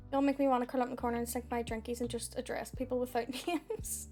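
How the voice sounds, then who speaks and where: A woman's voice: a little high, flat delivery, normal speed, darkish tone, faint music behind. A woman, chatting casually on a live stream while reading oracle cards, giggly and swearing, with a sore throat.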